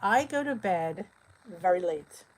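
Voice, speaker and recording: A middle-aged woman from New Jersey hosting a casual live-stream chat, chatty and quick to laugh as she answers viewer comments. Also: fairly low pitch, animated, poor audio. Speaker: weight loss channel host.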